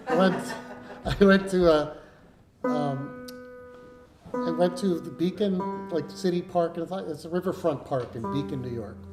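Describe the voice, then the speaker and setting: A man, a folk musician, telling a rambling, self-deprecating story on stage at a live concert, chuckling as he goes. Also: on the high side. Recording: roomy live venue sound with faint instruments.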